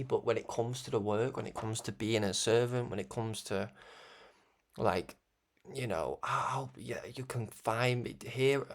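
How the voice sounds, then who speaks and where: A young man hosting a religious broadcast, talking in a rambling, animated way with frequent laughs. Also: medium pitch, creaky. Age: young adult. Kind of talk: casual spoken monologue.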